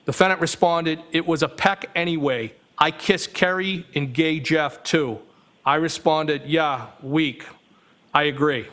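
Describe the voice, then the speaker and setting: Male courtroom witness, higher voice, even reading pace, plain and careful delivery. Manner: flat, measured reading with small self-corrections. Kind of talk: courtroom testimony, reading texts aloud.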